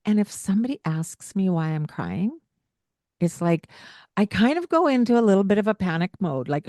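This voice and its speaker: Slow, low-voiced woman podcast host. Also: sing-song, mellow, dry recording, studio quality. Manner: earnest, explanatory, with frequent light laughs. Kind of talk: casual podcast chat.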